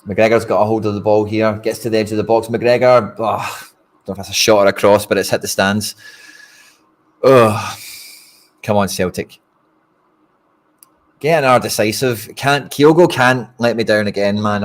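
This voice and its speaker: A man's voice: on the low side, steady tone, normal speed, long pauses. A Scottish man giving casual, frustrated live commentary on a football match to his stream viewers, talking bluntly and straight to the audience. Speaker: fan streamer hosting a watch-along.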